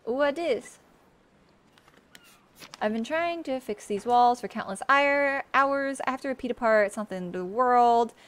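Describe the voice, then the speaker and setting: A woman's voice: a little high, unhurried, a bit bright, clean tone. A woman streaming and playing her own game, chatting casually, joking at herself and talking to things on screen. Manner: chatty, self-mocking, talks to the game. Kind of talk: casual gameplay livestream. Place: sunny room.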